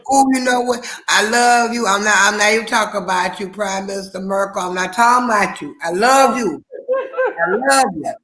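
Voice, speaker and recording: A woman's voice: mid-range voice, moderate pace, a bit bright. A woman co-host in casual chat, talking in a rambling way with frequent restarts and easy laughter.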